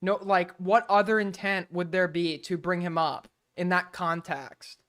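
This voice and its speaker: A man's voice: high voice, steady tone, a little slow, fairly bright tone. A male streamer giving blunt, profane live commentary as he reacts to a clip.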